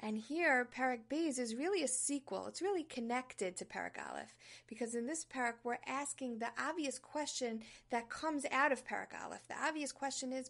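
A woman leading a Torah class in a fairly high voice with plenty of vocal fry. She tells her story with animation and often starts her sentences over. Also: moderate pace, hardly any pauses. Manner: animated storyteller, frequent self-restarts. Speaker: religious class teacher.

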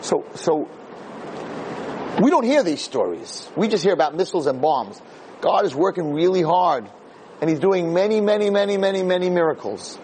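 A male rabbi preaching a sermon, telling miracle stories with animated energy, often restarting and speaking directly to his audience. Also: moderate pace, a little hiss or hum. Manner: animated, climbing to excited high pitch in stories; frequent restarts and asides to the audience. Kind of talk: storytelling sermon.

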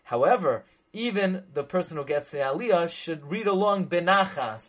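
A Torah teacher with a fairly high-pitched, expressive voice lectures on a religious text at a normal speed, rarely pausing. He drives his point home emphatically, repeating it and posing rhetorical questions while mixing Hebrew and Yiddish terms into his English. The recording quality is low.

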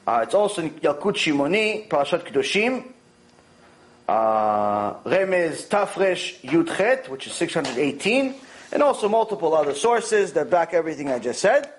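A man giving a Torah lecture, telling stories in an animated way and repeating lines for emphasis. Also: fairly high pitch, normal speed. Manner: animated storytelling, with repetition for emphasis. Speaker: Torah teacher.

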